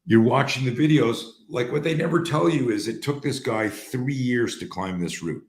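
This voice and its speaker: A man hosting a talk, telling stories in a casual, animated way, sometimes swearing and restarting his sentences. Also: medium pitch, normal speed, roomy sound. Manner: animated, profane, restarts often. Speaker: host.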